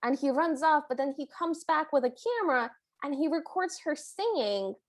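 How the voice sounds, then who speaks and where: With a high, animated voice at a moderate pace, this woman co-hosts a podcast and chats casually about a movie. She reacts readily and offers her personal take on the film.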